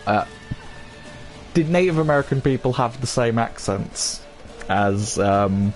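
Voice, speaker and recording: A man's voice: mid-range voice, lively intonation, unhurried. A man casually musing aloud while commenting on a video game, rambling and laughing at himself. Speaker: gaming streamer. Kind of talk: casual commentary over gameplay. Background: game music.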